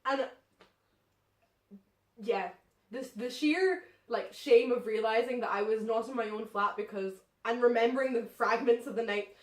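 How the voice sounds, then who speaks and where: A woman's voice: a little high, unhurried, roomy sound, recorded from a distance. A young woman co-hosting a podcast, telling a story in casual chat and often laughing as she talks. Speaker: podcast co-host.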